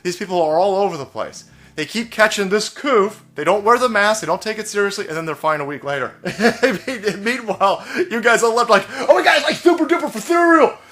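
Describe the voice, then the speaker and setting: A man's voice: brisk, pushed and bright. An American man delivering a profane, mocking comedy rant on a vlog. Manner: profane, mocking, mimics opponents in shrill high voice. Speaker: comedian and political commentator. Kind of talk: ranting vlog monologue.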